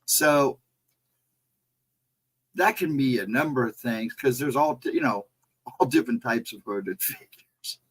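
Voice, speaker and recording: A man co-hosting a casual livestream who talks in an unhurried, deliberate way. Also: mid-range voice, breathy edge. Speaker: livestream co-host.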